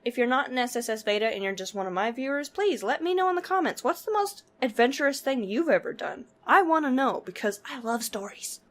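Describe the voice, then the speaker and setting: A woman's voice: fairly high pitch, big pitch swings, brisk, few pauses. A woman vlogging to her viewers, telling a story casually with lots of filler words and frequent laughter. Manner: chatty, laughs often, full of "like" fillers.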